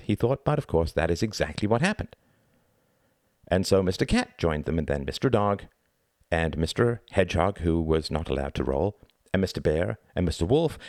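A man narrating a novel as an audiobook in a measured, expressive reading. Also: lowish voice, no room sound, studio quality.

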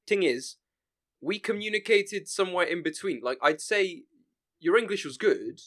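Young male podcast host, brash, swears freely, pitched a little high. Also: animated, moderate pace, a bit bright. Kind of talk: casual chat.

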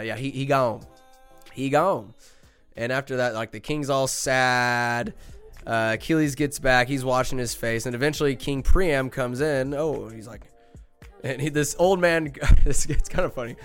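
A young man hosting a podcast, giving a casual, animated movie recap full of slang and acted-out quotes. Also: mid-range voice. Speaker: podcast host.

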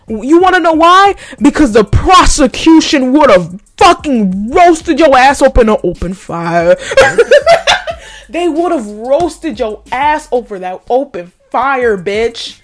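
A woman's voice: high-pitched, sing-song, a little slow, hardly any pauses, soft background music. A woman hosting a podcast, ranting in a profane, mocking way and laughing often. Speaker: podcast host. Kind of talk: ranting commentary.

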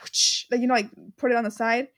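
A woman's voice: on the high side, little pitch movement, quick pace. A young woman chatting casually, rambling and giggling, with lots of fillers. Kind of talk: casual chat.

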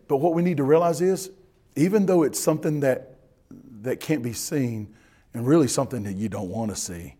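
A man preaching a sermon as pastor, folksy and animated, often asking his listeners if they are ready. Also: medium pitch, slightly rough.

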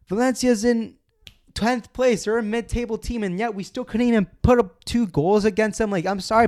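A man hosting a casual football podcast, ranting excitedly, cursing often and restarting his sentences. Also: high voice.

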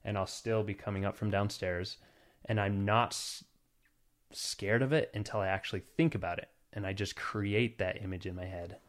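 A man's voice: on the low side, steady tone, normal speed. Chatty joking man in his thirties. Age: 30s. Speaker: podcast host. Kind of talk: casual podcast chat.

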